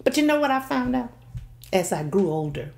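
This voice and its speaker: An older woman from Mississippi, telling a story in a lively, preacher-like way and acting out every character. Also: on the high side, normal speed, creaky. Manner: animated, acts out every character.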